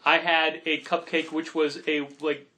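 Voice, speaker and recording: A man with a fairly high voice chats casually as a podcast co-host. He rambles a little, tosses in quick asides and laughs often. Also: level tone, pushed and bright. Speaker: podcast co-host and comic shop owner. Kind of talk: casual chat.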